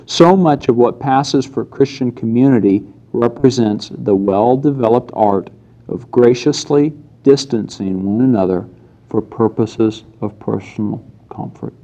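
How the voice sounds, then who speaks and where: A man's voice: medium pitch, a little slow, mellow, dull audio. A man preaching a sermon in a conversational way, telling stories and acting out quotes. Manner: storytelling with acted-out quotes, conversational.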